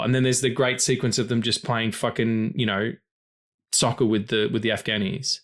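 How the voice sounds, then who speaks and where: A man's voice: medium pitch, level tone, moderate pace. A man hosting a film podcast in casual chat, rambling and philosophizing with frequent swearing. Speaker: podcast host.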